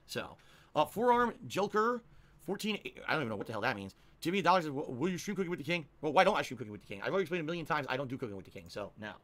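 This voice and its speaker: A man's voice: fairly high pitch, very animated, rapid-fire, a bit bright. A man streamer talking to his chat in an emphatic, defiant, rambling way. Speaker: game streamer.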